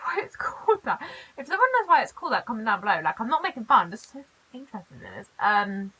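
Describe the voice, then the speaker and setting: A British woman from the UK chatting in a casual vlog, animated and quick to laugh. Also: mid-range voice, husky, rough recording. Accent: British English. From United Kingdom. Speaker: YouTuber.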